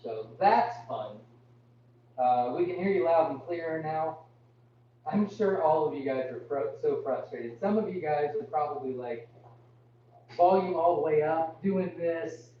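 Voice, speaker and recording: A young man hosting a live farm Q&A, reading viewer comments aloud and answering with apologies, straining his voice to talk louder. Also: fairly high pitch, expressive, unhurried. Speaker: farm livestream host. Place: indoors on a farm. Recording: muffled, distant, echoey, with hum.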